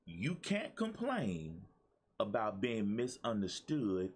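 A man's voice: lowish voice, wildly swooping pitch, slow, husky. A man, a pastor and motivational speaker, giving a preachy talk to his viewers, repeating himself and calling out to the audience. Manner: preachy, repetitive, calls on the audience.

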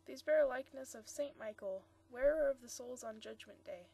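A woman reading the lines of a mellow, friendly elderly male antique dealer, in a high voice. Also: a little fast, gravelly, husky, heavily acted. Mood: explaining. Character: mellow elderly male shop proprietor, courteous.

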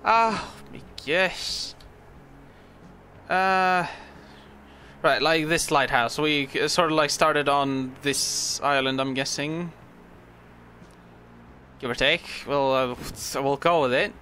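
Young guy rambling over gameplay, stammers a lot, swears, kinda high bright voice. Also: slow pace, long pauses, a little hiss or hum. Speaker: gaming video host. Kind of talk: casual gameplay commentary.

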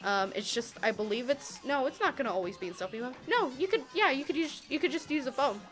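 An excitable young woman in her early twenties livestreams a game, slightly tipsy from shots. Her voice sits a little high as she yelps, swears and laughs through each attempt, with faint music playing behind her. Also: quick pace. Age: early 20s. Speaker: streamer. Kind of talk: casual gameplay livestream.

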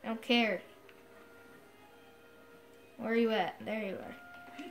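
A woman commentating a video game playthrough, excitable and self-mocking, quick to yell at the game. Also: mid-range voice, faint music behind. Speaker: gamer. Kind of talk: let's play commentary.

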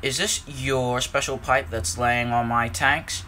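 A man's voice: medium pitch, fairly even intonation, takes it slowly, bright, forceful tone, a little hiss or hum, pitched below the performer's own voice. A man voicing an earnest, determined male tank engine who talks with urgent insistence in a storybook reading.

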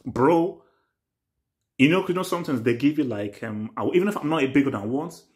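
A young man talks through a TV reaction in a loose, rambling way. He circles back over the same phrases and jumps from excited outbursts to quiet muttering. His voice sits at an ordinary middle pitch for a man. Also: brisk. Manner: rambling and repetitive, swinging between excited bursts and low mutters. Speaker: reaction channel host. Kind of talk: casual TV reaction talk.

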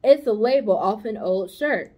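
A woman's voice: medium pitch, animated, moderate pace, dull audio, close to an everyday voice. A woman voicing a grumbling male barn rat in a storybook read-aloud, with sarcastic complaints.

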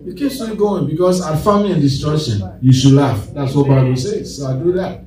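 Here the pastor's voice is high, animated, quick and a little mellow as he preaches, drawing call-and-response from his flock and erupting into laughter mid-story. It's recorded from a distance in a reverberant church hall.

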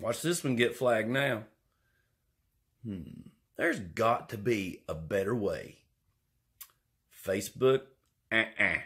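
A man rambles and cracks jokes in a drawling, easygoing way. His pitch swoops widely as he talks. He takes his time with every phrase. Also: breathy edge. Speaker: vlogger. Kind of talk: rambling comic vlog. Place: indoors.

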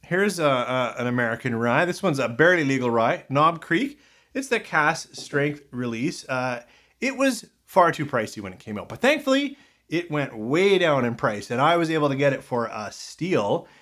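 A man's voice: mid-range voice, very animated, moderate pace, a bit bright. A man casually reviewing whiskies in a rambling, thinking-aloud way, full of fillers and restarts.

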